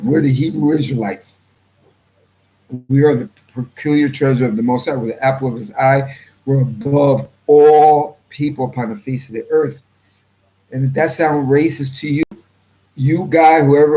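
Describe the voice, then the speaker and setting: A man hosting his own channel, reading viewer comments in a rambling, blunt way and clearing his throat often. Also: medium pitch, dark tone, rough recording. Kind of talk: casual livestream commentary.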